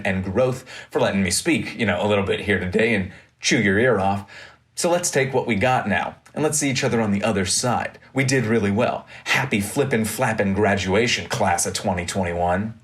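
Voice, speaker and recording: Guy giving the class speech, theatrical and jokey, kinda low voice. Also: normal speed, a bit bright. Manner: playful, theatrical. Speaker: student class speaker. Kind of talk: graduation speech.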